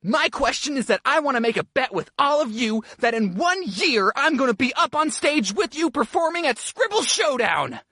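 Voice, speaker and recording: A man voicing an overeager young male fan in a suit who talks loudly and pushily, on a dry recording. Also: very high voice, big pitch swings, normal speed, few pauses, dry recording, voice pushed up, heavily acted. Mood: pleading. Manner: loud, breathless, pushy.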